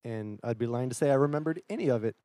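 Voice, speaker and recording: A man co-hosting a podcast, bantering loudly with laughs and swearing. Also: mid-range voice, fast. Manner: loud, laughing, rambling banter with profanity. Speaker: podcast co-host. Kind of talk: casual chat.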